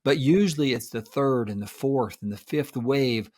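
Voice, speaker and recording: A man's voice: mid-range voice, normal speed, a little mellow. A man talking as a guest expert in an interview, earnest and explanatory, often repeating words as he starts a thought. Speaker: guest expert on betrayal recovery.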